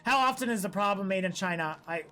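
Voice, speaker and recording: A man's voice: high voice, animated, fast, sharp tone, slight background noise. A man streaming live, rambling through opinions in casual, profane chat.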